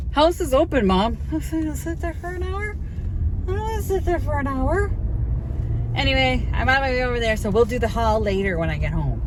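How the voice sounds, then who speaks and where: A middle-aged woman vlogging in casual chat while she drives, talking in a chatty, rambling way with quick asides. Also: medium pitch. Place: in a car while driving. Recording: road noise from a moving car. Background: car engine and road noise.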